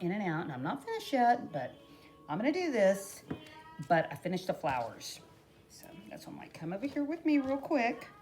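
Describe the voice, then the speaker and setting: Chatty folksy woman, lively pitch. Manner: chatty and folksy, talks to viewers as y'all. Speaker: crafting vlogger. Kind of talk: casual craft tutorial chat.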